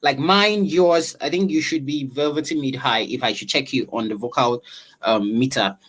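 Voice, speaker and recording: Man, voice coach; velvety tone, drawn-out explanatory delivery in an online session. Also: mid-range voice, fairly bright tone, low-quality recording. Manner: explanatory, drawn-out, filler-heavy. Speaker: voice-over coach. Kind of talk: online class talk.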